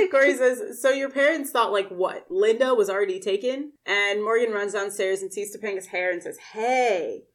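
Woman co-host, casual recap chat, animated, quotes lines in her own voice, laughs a lot. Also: mid-range voice, moderate pace. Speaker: podcast co-host.

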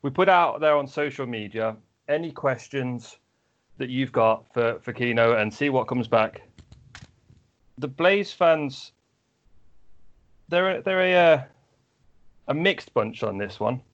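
A man hosting a sports podcast at an ordinary mid pitch, steering the chat with teasing questions. The audio sounds muffled and lo-fi. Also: takes it slowly, pauses often. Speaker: podcast host. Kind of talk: casual podcast interview. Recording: dull lo-fi audio.

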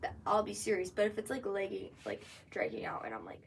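A young woman co-hosts a podcast in casual chat, blunt and swearing freely with lots of fillers. Her mid-range voice is level, a little fast, and creaky, picked up by a distant mic with faint background noise.

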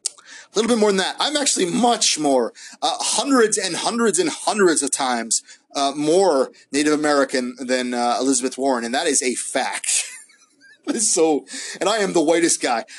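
A man casually reviewing wrestling episodes on his own show, rambling and hesitant, full of fillers and restarts. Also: on the high side. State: high. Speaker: wrestling podcast host.

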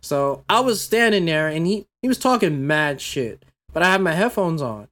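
A man's voice: a little high, lively intonation, normal speed, a bit bright. Tired man telling a story casually. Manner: tired, storytelling, swears a lot. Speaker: content creator. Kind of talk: casual chat.

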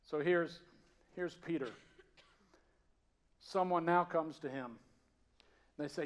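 A man from the Georgia mountains, raised with a Southern accent, preaching a sermon in a conversational, storytelling way that swings from loud to hushed. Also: fairly high pitch, expressive, moderate pace, long pauses, slight background noise. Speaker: pastor.

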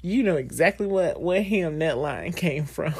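A woman's voice: low voice, expressive, slow pace, darkish tone, breathy edge. A woman in her thirties hosting a podcast, speaking candidly and emotionally in a personal monologue full of fillers and laughter. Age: 30s. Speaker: podcast host.

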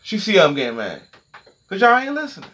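Man, solo podcast rant, lively swinging pitch, slightly high voice, profane and casual. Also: brisk, slight background noise. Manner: animated, profane, keeps asking "okay?". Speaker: podcast host. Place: home recording setup.

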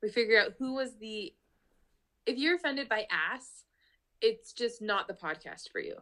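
A woman's voice: a little high, lively intonation, a little slow, a bit bright. A woman co-hosting a podcast in casual chat, talking chattily with lots of fillers and "like". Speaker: podcast co-host.

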